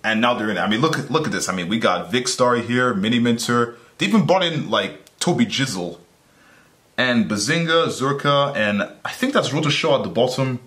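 A man hosting a video reaction, commenting casually and getting excitable and loud over the clips he watches. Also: mid-range voice, normal speed. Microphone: camera mic at desk. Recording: echoey room with loud music behind.

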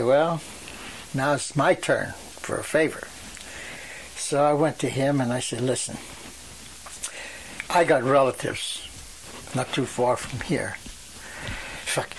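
A man's voice: mid-range voice, a little hiss or hum. A man, telling rambling stories in an oral history interview and acting out the voices of the people in them. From western Pennsylvania. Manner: rambling storyteller who acts out quoted voices. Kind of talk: storytelling reminiscence.

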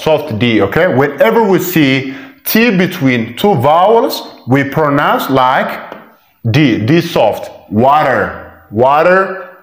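A man teaching English pronunciation. He repeats example words slowly and switches between languages as he explains. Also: mid-range voice, reverberant. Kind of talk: pronunciation lesson.

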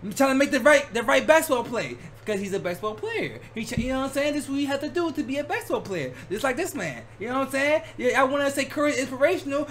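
A man with a notably high voice chats casually over game highlights. He's excitable and slangy, tossing in "bro" at every turn. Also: quick pace, hardly any pauses, a little hiss or hum. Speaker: reaction video host. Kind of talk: casual reaction commentary.

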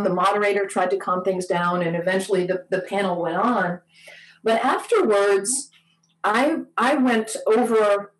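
Halting woman telling a church story. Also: medium pitch, rough recording. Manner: halting, repeats words often. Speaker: speaker at a church service. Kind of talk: storytelling sermon.

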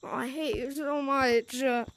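A woman's voice: sits high, steady tone, unhurried, fairly bright tone, slight background noise. A woman commenting casually on her gameplay, jumpy and easily startled, complaining as she goes. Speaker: game streamer.

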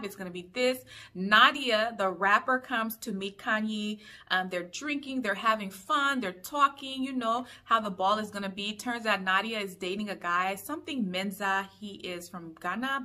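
A woman's voice: mid-range voice, pushed and bright. A young woman from Liberia chatting through a casual TV episode recap, full of opinionated asides. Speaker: YouTube reviewer.

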